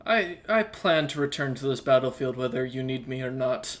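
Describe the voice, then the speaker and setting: Bright-voiced male player, casual and swearing. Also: medium pitch, expressive. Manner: casual, swearing, quick to laugh. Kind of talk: casual tabletop game play.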